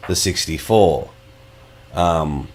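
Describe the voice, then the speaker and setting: A man's voice: sits low, very slow, a little hiss or hum. Rambling podcast guy. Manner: sweary, rambling, laid-back. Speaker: podcast co-host. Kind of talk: casual chat.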